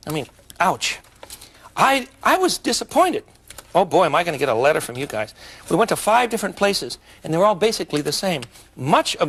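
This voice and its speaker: A man hosting a cooking demonstration in a studio kitchen, talking in a folksy, chatty way with jokes and asides, and getting excitable when enthused. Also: on the high side, slightly rough. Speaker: cooking show host.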